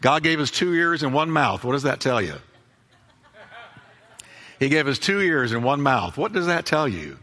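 A man's voice: mid-range voice, sing-song, moderate pace, long pauses, pushed and bright, big-room sound. A man preaching a sermon as pastor, emphatic, repeating key phrases and acting out both sides of conversations.

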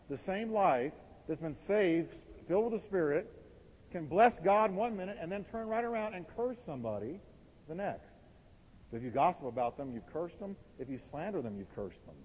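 A man preaching a sermon from the pulpit, emphatic, swinging between loud and quiet lines. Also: a little high, slightly rough. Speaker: pastor. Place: warm church sanctuary. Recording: dull, reverberant church recording.

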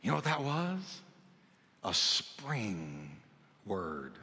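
A man preaching a sermon as pastor, swinging between loud exhortation and hushed, low storytelling. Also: huge pitch swings, slow pace, husky. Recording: long hall reverb.

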